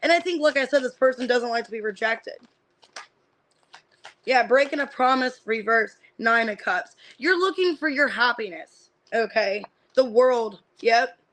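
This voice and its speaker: A woman giving a casual live-streamed tarot reading. She names the cards one by one and thinks out loud as she reads them, with lots of fillers. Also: on the high side, unhurried, rough recording. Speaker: tarot reader.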